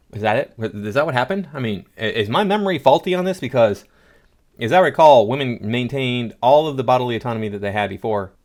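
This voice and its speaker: A man hosting a political commentary show, reading posts aloud and answering them with scoffing sarcasm. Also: mid-range voice.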